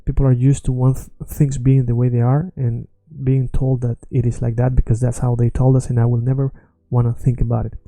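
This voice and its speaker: A man teaching pronunciation in a lesson, a native Swedish speaker talking English, who repeats example words slowly and draws them out. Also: medium pitch, little pitch movement, dark tone, no echo, poor audio. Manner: slow, drawn-out repetition of example words. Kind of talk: explaining pronunciation to learners.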